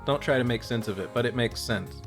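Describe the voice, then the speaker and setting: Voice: mid-range voice, fairly quick, soft background music. A streamer playing a story game, reading the dialogue aloud with a playful, jokey manner and switching into character voices. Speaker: let's play streamer.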